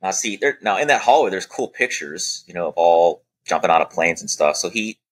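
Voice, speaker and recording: A man's voice: low-pitched, brisk. A man as a podcast guest, telling a military training story casually, acting out what people said with lots of "you know.". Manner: animated anecdote-telling, acting out quoted dialogue with many "you know" fillers. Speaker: podcast guest, former Air Force special operator.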